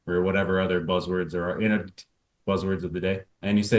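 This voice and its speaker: A man coaching a caller about marriage, playful and quick to act out both sides of an argument. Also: low voice, pushed and bright, a little hiss or hum. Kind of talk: coaching call.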